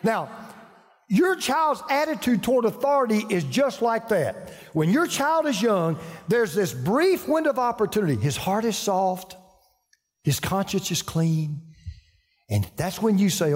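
A man's voice: sits high, big pitch swings, unhurried, big-room sound. An older man with a Southern US accent, preaching a folksy sermon full of stories and restarts. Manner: folksy, storytelling, frequent restarts. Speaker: pastor.

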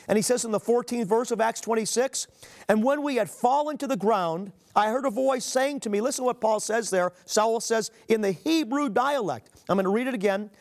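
A man preaching a sermon, earnestly reading scripture aloud and calling his listeners "beloved". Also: very high voice. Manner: reads scripture aloud with emphatic pauses.

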